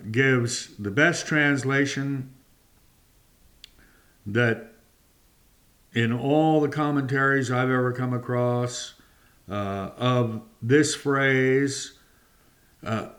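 A man preaching a sermon, reading and explaining scripture slowly and deliberately, drawing out key words. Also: medium pitch, a bit bright.

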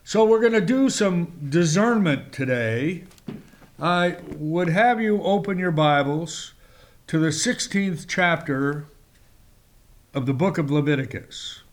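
Male preacher, slow and emphatic, fairly high voice, reads scripture between remarks. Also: animated. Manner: slow, emphatic delivery with sudden rises in pitch; reads scripture in old-fashioned wording. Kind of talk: sermon with scripture reading.

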